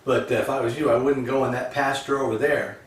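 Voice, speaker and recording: Man doing a deadpan country farmer. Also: medium pitch, quick pace, slight background noise, natural voice. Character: calm, dry old country farmer. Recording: echoey, distant, faint crowd.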